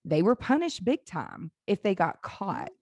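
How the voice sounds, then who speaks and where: A woman's voice: on the low side, wildly swooping pitch, a little slow, a little mellow, no echo. A woman in her forties telling candid family stories in casual chat, laughing and swearing now and then.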